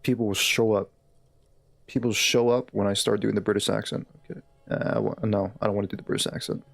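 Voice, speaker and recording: A man's voice: on the low side, little pitch movement, fast, vocal fry, dry recording. A man live-streaming a game, chatting in a laid-back, easygoing way with his viewers. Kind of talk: casual live-stream chat.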